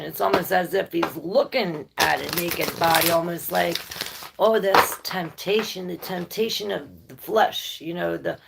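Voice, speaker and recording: A woman's voice: on the low side, creaky, heavy background noise. A woman giving a casual, rambling tarot reading, thinking aloud and laughing and swearing now and then. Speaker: tarot reader.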